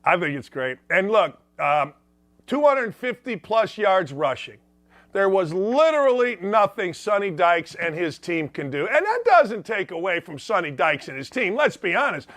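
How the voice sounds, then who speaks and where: Brash high-voiced sports talk host. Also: male voice, big pitch swings, normal speed, a bit bright, dry recording. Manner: brash, mocking, talks straight to viewers. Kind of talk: opinionated sports commentary.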